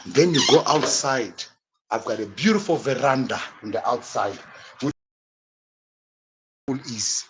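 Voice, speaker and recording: A man, indignant and heated as he walks through his house on a live stream. He swears freely and repeats his points over and over, in a voice of ordinary middle pitch. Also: a little hiss or hum. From Angola.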